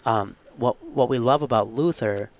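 A man's voice: medium pitch, moderate pace. A man co-hosting a casual podcast as a college theology professor, talking in an earnest, conversational way with asides.

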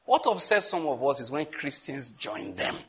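Husky Nigerian pastor preaching. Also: male voice, medium pitch, normal speed. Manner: animated, storytelling with asides. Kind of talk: sermon.

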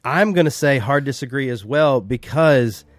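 A man's voice: medium pitch, normal speed, dry recording, clean studio sound. A man co-hosting a podcast, rambling and restarting sentences as he discusses a film, swearing casually. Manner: rambling, hesitant, profane. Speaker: podcast co-host.

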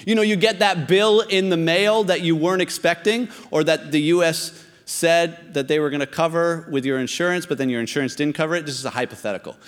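Guy preaching a sermon, chatty then pushy, high voice, big echoey church hall. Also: fairly quick. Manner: conversational and emphatic, rising to exhortation. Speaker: pastor. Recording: long reverb of a large hall.

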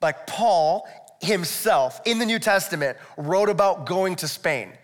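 A man's voice: sits high, animated, a little slow. A male pastor preaching a sermon in a conversational, explanatory way, with rhetorical asides to the congregation. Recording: echoey hall, long reverb.

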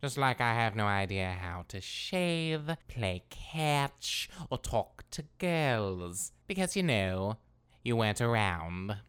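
A man's voice: on the low side, sing-song, slow, fairly bright tone, clean tone, full character voice. An actor playing a scheming young man who leads a skeleton revolt, talking sarcastically and breaking into staccato laughs. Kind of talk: comedy voice acting.

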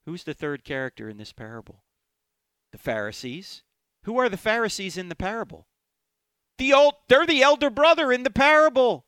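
A man teaches a Bible passage on a radio show. His high voice swings widely and rings bright as he questions the listener and answers himself. The sound is close and dry, with no room around it. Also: lively intonation, moderate pace, smooth, no echo. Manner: emphatic, asks and answers his own questions.

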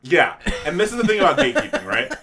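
A man's voice: high voice, big pitch swings, fast talker, vocal fry, sharp tone. A man hosting a casual podcast, telling a long rant with laughter and swearing. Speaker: podcast host.

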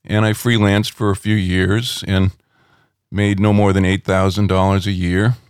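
Low, smooth-voiced man telling stories. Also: flat delivery, a little slow, dry recording, studio quality. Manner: rambling anecdotal, many fillers. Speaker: rock critic guest. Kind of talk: relaxed interview storytelling. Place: home.

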